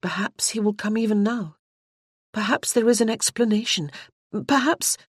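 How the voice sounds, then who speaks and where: An audiobook narrator voicing an anxious, grieving young noblewoman who speaks earnestly and pleadingly, rising in pitch. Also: normal speed, breathy edge, no echo, studio quality, close to an everyday voice. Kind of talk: audiobook character voice.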